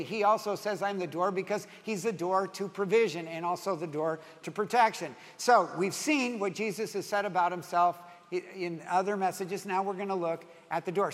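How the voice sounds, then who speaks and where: Rambling older male pastor in a reverberant hall. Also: sits high. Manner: rambling, self-interrupting storyteller who laughs at his own tale. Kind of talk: sermon with storytelling.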